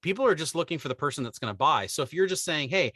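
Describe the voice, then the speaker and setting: A middle-aged man with a bright, forceful voice tells stories in a loose, joking chat, slipping into the voices of the people he describes. The sound is dry and close, with no room around it. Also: a little high, rapid-fire, no room sound. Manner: animated storyteller, acts out quoted people. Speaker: podcast co-host. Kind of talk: casual chat.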